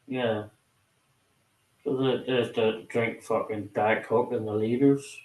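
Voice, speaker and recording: A man's voice: medium pitch, fairly even intonation, takes it slowly, a little mellow, roomy sound. A man chatting casually on a group video call, swearing freely and sounding tired and restless. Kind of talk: casual chat.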